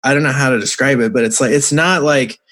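A man's voice: mid-range voice, quick pace, fairly bright tone. A man, a father and coach, explaining his faith-based coaching earnestly with many fillers as a podcast guest. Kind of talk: casual interview talk.

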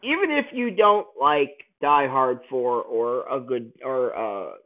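A man angrily ranting through a movie review, swearing often and bursting out loudly now and then. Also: medium pitch, lively intonation, slow pace. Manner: angry, profane ranting with sudden loud outbursts. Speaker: film reviewer. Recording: tinny phone-like sound.

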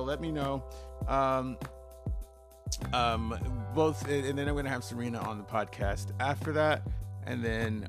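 A man hosting a solo podcast. He talks bluntly, swears freely, and rambles with restarts and fillers. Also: mid-range voice. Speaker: podcast host.

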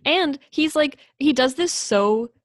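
A woman's voice: sits high, lively intonation, slow, dry recording, clean studio sound. A woman co-hosting a casual chat, talking loosely with lots of fillers and laughs. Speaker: podcast co-host.

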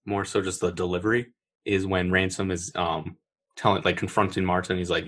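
A man's voice: low-pitched, little pitch movement, a little fast, fairly bright tone. A man co-hosting a podcast, chatting casually about a film with loose, filler-heavy talk. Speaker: podcast co-host.

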